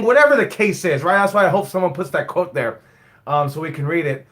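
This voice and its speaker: Blunt, profane high-voiced wrestling coach. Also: male voice, lively intonation, fast, a bit bright. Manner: blunt, profane, rambling storyteller. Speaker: wrestling school owner and head coach. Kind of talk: casual live-stream chat.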